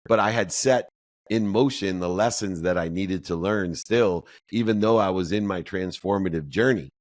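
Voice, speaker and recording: A middle-aged man telling his life story as a podcast guest, animated and acting out the voices of others in his tale. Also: normal speed, no echo. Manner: animated storyteller, acts out quoted dialogue in a higher voice. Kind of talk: storytelling interview answer.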